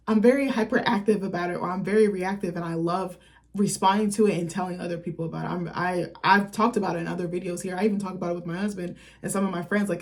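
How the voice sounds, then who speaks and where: A woman's voice: medium pitch, darkish tone. A young woman recapping a film in a casual, chatty way, swearing freely and acting out lines from scenes. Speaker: film critic vlogger.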